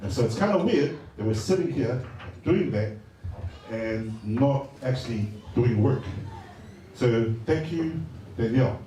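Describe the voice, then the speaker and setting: At a birthday party in a large hall, a Samoan man gives a casual speech into a handheld mic, his mid-range voice mellow and unhurried with lively intonation. He jokes hesitantly, using many fillers. The recording is noisy and echoey, picked up from far off.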